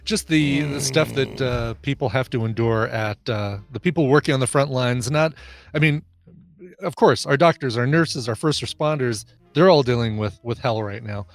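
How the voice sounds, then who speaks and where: A man co-hosts a casual podcast, joking and laughing often as they chat. His voice is mid-range and he speaks at a normal speed.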